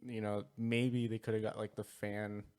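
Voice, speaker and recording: A man's voice: on the low side, little pitch movement, moderate pace, a little mellow, clear, resonant tone. Casual rambling male podcast co-host. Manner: rambling, lots of fillers and restarts. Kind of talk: casual chat.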